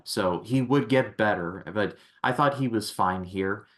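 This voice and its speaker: A man's voice: lowish voice, unhurried, a bit bright. A man guesting on a casual movie podcast, easygoing and wry, with lots of "like" fillers.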